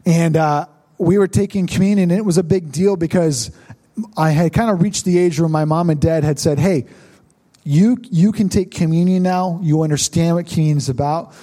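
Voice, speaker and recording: Young guy pastor telling a story in his sermon, kinda high, warm mellow voice. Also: moderate pace. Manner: storytelling, conversational with congregation asides.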